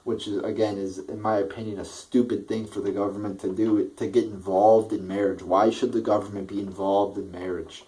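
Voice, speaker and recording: A man's voice: fairly low pitch, flat delivery, a little fast, hardly any pauses, mellow, rough recording. A man delivering a blunt, profane political rant, rambling with many restarts. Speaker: political vlogger.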